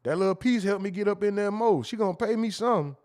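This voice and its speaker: A man's voice: high-pitched, fast talker, a little mellow. A man hosting a livestream, reading the chat and riffing crudely, with loose joking talk and frequent laughter at his own slips. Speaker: livestream host.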